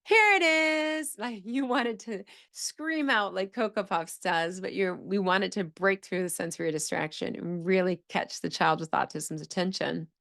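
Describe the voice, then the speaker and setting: A woman's voice: fairly low pitch, moderate pace, vocal fry, hardly any pauses, fairly bright tone. A woman speech-language pathologist teaching on a podcast, explaining points step by step and acting out phrases with exaggerated, sing-song intonation. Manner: explanatory, repeats key phrases, says "okay?" to check in.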